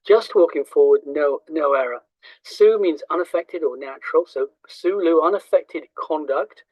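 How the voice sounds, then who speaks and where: A man in his sixties teaching Chinese metaphysics in a thoughtful, halting way, with frequent pauses and restarts. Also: fairly high pitch, a little mellow, no echo. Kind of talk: reflective teaching talk with anecdotes. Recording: dry, slightly dull recording.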